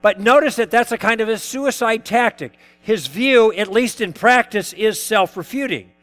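High-voiced man lecturing through anecdotes. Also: normal speed, a bit bright. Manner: acts out both sides of past dialogues, poses questions to the audience. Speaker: lecturer teaching conversation tactics.

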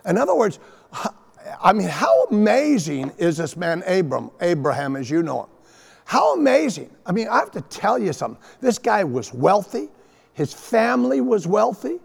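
A man preaching a sermon as pastor, emphatic and animated, often repeating his phrases for weight. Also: high-pitched, normal speed, creaky, breathy edge. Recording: long reverb of a large hall.

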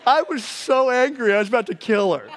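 High-voiced pastor preaching in a hall. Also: male voice, brisk, a little hiss or hum. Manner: animated storytelling with laughs and acted-out shouts. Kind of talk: sermon.

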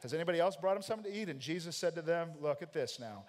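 High-voiced emphatic American preacher in a reverberant church. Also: male voice, animated, very fast. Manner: emphatic preacher, acts out quoted lines. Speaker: pastor. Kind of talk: sermon. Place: church sanctuary. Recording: long hall reverb.

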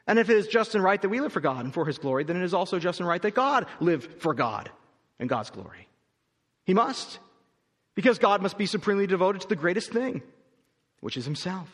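A man's voice: sits high, a bit bright. A male pastor preaching a sermon, arguing his point emphatically and asking rhetorical questions. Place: church auditorium. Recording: long reverb of a large hall.

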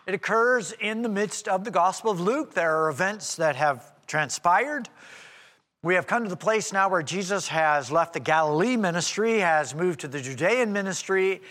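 Lively, bright-voiced male preacher in a reverberant hall. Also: high-pitched, normal speed. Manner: conversational, explaining with rhetorical asides. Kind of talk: expository sermon.

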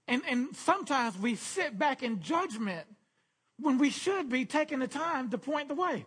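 A man's voice: extremely high pitch, big pitch swings, measured pace, a bit bright, slightly rough. A man preaching a sermon as pastor, earnest and repetitive, often restarting his phrases.

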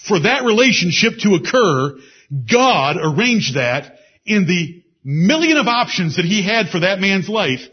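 A man preaching a sermon with emphasis. He repeats key phrases and drops into low asides. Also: very animated, measured pace, slightly rough. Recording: dull lo-fi sermon recording.

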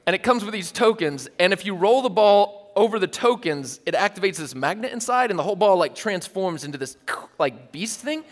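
A pastor in his thirties tells a story from the pulpit in a loose, conversational way, animated and quick to laugh at himself. His voice sits high for a man. A long reverb trails each phrase, as if the sound fills a large church auditorium. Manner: chatty, animated, self-amused, many "like" fillers.

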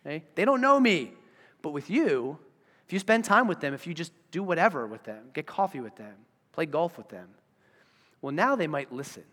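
A man preaching a sermon as pastor, acting out the voices of the people he talks about. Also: on the high side. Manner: animated, acts out voices of the people he describes. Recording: reverberant church hall.

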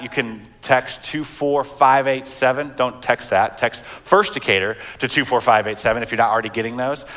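A man's voice: on the low side, a bit bright. A man in his thirties, a pastor, preaching a sermon in a conversational way, with fillers and restarts as he reads and explains scripture.

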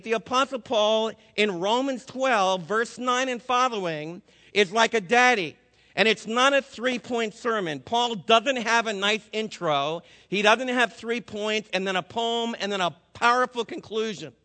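Older guy preaching, high bright voice, asks the crowd stuff all the time. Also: measured pace, in a large hall. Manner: energetic, asks the crowd many questions. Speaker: pastor. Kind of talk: sermon.

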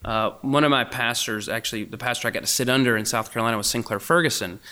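A young man preaching a sermon, going from emphatic, raised passages down to hushed, almost whispered lines. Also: mid-range voice, fast. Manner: swings between emphatic and hushed, near-whispered asides. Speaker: pastor.

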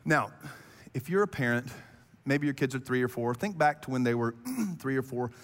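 A man preaching a sermon in an animated, conversational way, often clearing his throat. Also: medium pitch, normal speed, big-room sound. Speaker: pastor.

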